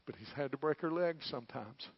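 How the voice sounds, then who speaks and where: A man preaching a sermon, with an impassioned delivery that swells to loud peaks. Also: mid-range voice, a little fast, breathy edge, no room sound, dull audio.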